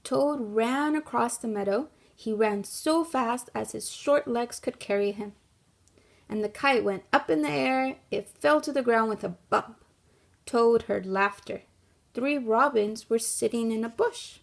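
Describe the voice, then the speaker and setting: Woman teacher, slightly high voice with some gravel, reads a story to kids and talks it through patiently. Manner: gentle, guiding, thinks aloud with pauses. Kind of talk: classroom read-aloud and lesson.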